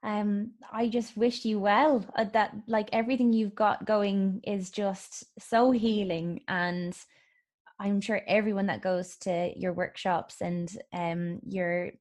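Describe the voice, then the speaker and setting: A woman's voice: medium pitch, fairly even intonation, slow pace, a little mellow. A woman podcast host with a mid-range voice. She talks in an effusive, exclamatory way, heaping praise on her guest. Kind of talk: casual conversational interview.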